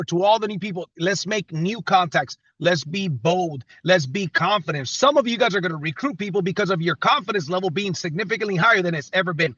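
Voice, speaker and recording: Man, high husky voice, motivational team-call speaker, emphatic, repeats himself, dry and muffled sound. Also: pushed and bright, no room sound. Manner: emphatic, repeats phrases for effect, stumbles and restarts. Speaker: company leader on a team call. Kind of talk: motivational pep talk on a live call.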